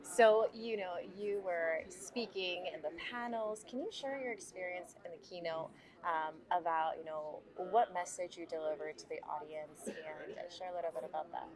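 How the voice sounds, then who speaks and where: A woman interviewing a guest at a conference, enthusiastic and quick to exclaim. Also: fairly low pitch, low-quality recording. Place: conference venue.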